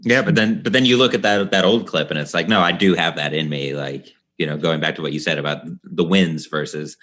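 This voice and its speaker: A man with a very deep voice, hosting a podcast in relaxed conversation. He talks in an easygoing way, often chiming in to agree with his guest. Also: fairly quick. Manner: laid-back, agreeable interjections. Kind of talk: casual podcast chat.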